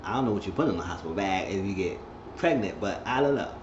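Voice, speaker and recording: A man casually recapping a reality show, chatty and laughing often, acting out cast members in high squeals. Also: animated, fast talker. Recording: roomy, dull lo-fi sound with faint noise.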